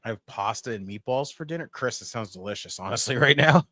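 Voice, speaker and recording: A man hosting a wrestling watch party, talking loosely and swearing as he jokes with the chat. His pitch sits mid-range, and the close, dry mic gives the voice no room sound. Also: brisk, no room sound. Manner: profane, excitable, jokey. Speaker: podcast host.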